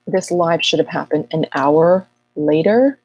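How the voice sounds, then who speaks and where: A woman astrologer hosting a casual live Q&A, chatty and rambling with self-mocking asides, her voice a little husky this morning. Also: low voice, a little slow, darkish tone, dry recording, highs cut off. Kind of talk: casual livestream chat.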